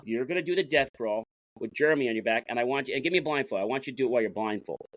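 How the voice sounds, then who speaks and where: A man's voice: medium pitch, expressive, very fast, a bit bright, close to an everyday voice, low-quality recording. A man doing a stern football coach.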